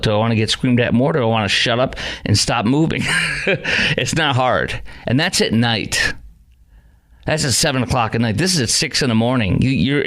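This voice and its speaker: A male talk radio host speaks in an ordinary mid-pitched voice into a studio microphone. He argues his point with emphatic rhetorical questions and then urges listeners to call in. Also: fairly bright tone.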